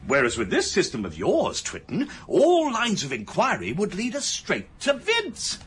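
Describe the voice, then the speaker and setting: Brief: blustering inspector, stammers, voice leaps all over the place, radio comedy. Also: male voice, high voice, wildly swooping pitch, normal speed, fairly bright tone, a little hiss or hum, exaggerated voice. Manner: blustering, stammering, hearty laughs. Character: pompous, bumbling middle-aged police inspector. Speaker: police inspector. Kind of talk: radio sitcom acting.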